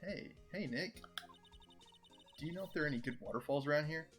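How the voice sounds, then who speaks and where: A man's voice: on the high side, a little fast, fairly bright tone, soft background music, natural voice. A man voicing a bubbly teenage girl spirit medium in an eager, chirpy way while reading a video game aloud.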